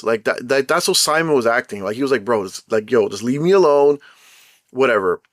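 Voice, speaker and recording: A man's voice: mid-range voice, brisk, no echo, studio quality. Chatty man retelling a show. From Caribbean background. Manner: animated retelling, acts out quotes. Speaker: show host. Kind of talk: casual commentary.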